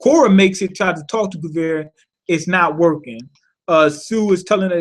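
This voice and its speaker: A man's voice: high voice, normal speed. A man recapping and reviewing a cartoon episode in a loose, casual way, swearing freely, full of slang and fillers, often asking rhetorical questions. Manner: animated, thinks aloud with rhetorical questions.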